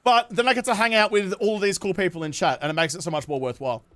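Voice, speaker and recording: A young Australian man chats through a gaming stream in a high voice. He sounds worn out and tired, but keeps up a jokey, self-mocking patter. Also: fairly even intonation, quick pace, a bit bright. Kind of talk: casual live-stream chat.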